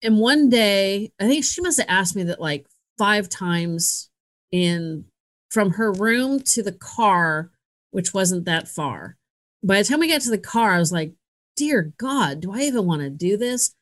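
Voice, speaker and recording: With lively intonation and a fairly bright tone, this middle-aged podcast host speaks in a mid-range voice at a slightly slow pace. She tells a story in a casual, candid, self-mocking manner and laughs frequently.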